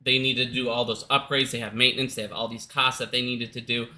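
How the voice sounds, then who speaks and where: A man's voice: medium pitch, level tone, fast talker, sharp tone. A man from Minnesota giving casual, heated commentary at home, profane and repetitive, hot and out of breath. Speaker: stock market commentator. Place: his house.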